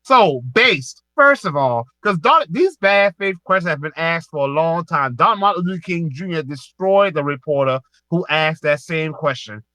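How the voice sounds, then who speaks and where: A man's voice: a little high, animated, moderate pace, few pauses, sharp tone, no room sound. A man with a Southern US accent hosting a live online audio space, lecturing a caller in a heated, emphatic way and repeating himself.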